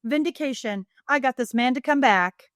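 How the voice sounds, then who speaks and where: A woman's voice: high voice, normal speed, no room sound, clean studio sound, voice pushed up, close to an everyday voice. A woman doing a fierce, determined young girl. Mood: defiant. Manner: urgent, pleading then scolding. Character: bold ten-year-old colonial girl, fiercely determined.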